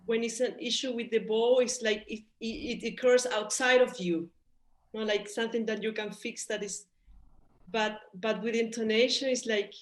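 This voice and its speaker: A woman from Chile with a Chilean Spanish accent, a Spanish native speaker, chatting casually and often ending sentences with "no?". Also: a little high. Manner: adds "no?" to sentences, hesitant restarts. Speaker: musician guest. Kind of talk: casual conversation. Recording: echoey room.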